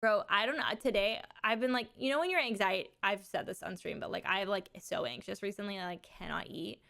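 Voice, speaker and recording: A woman's voice: mid-range voice, creaky, a bit bright. Giggly woman streamer with a slight lisp. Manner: chatty and giggly, drawn-out words. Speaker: livestreamer. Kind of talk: casual chat to a live audience.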